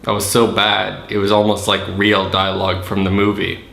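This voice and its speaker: A man's voice: on the low side, completely flat delivery, moderate pace, gravelly, fairly bright tone. A man hosting a podcast who casually and sarcastically tears apart a horror movie scene by scene. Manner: sarcastic, acts out scenes in silly voices. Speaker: podcast host. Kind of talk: casual comedic movie critique. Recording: roomy echo.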